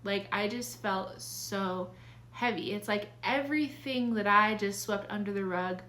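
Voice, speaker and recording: Her voice is medium in pitch, pushed and bright, at a measured pace. The young adult woman, a vlogger offering life advice, confides casually and earnestly about her own life, full of fillers and restarted phrases.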